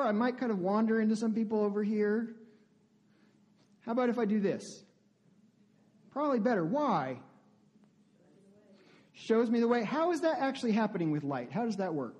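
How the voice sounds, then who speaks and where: A man's voice: sits high, animated, moderate pace, pauses often, a little mellow, lo-fi sound. A male pastor giving a conversational sermon, often asking the congregation questions. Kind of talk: interactive sermon.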